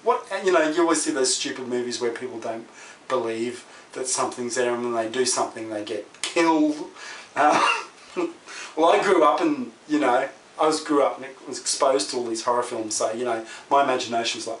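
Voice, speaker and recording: A man telling a spooky story in a casual way, swinging from loud exclamations to hushed whispers. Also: medium pitch, a little fast. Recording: echoey room, mic far off, noisy.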